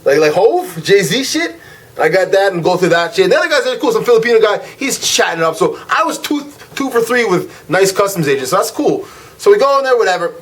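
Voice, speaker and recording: Young male vlogger, high voice, slangy animated rant, drifts between irritation and chill. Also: fairly quick. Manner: animated, slangy, swings from loud irritation to laid-back drawl. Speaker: vlog host. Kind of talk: casual storytelling rant.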